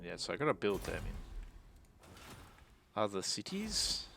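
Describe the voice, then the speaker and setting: Deep gravelly gamer muttering along. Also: male voice, sing-song, measured pace, long pauses, pushed and bright, slight background noise. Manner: muttering, thinking aloud, self-deprecating. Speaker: gaming channel host. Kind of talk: strategy game commentary.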